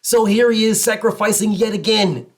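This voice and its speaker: A man in giving an emphatic, repetitive solo commentary rant as host, often mocking others in low put-on voices. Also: steady tone, moderate pace.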